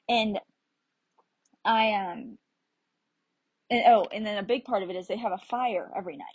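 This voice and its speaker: A young American woman talks casually to the camera about her trip, chatty and quick to laugh as she tells her stories. Her voice is husky and a little breathy, sitting at an ordinary middle pitch. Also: a little mellow, rough recording. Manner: chatty, laughs often while telling stories. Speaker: travel vlogger. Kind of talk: casual chat.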